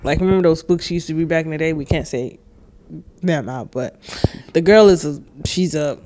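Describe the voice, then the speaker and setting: A woman's voice: low voice, normal speed, darkish tone, slight background noise. A young woman in casual chat as the oldest sister, jet-lagged, laid-back and slangy, swearing freely as she tells family stories.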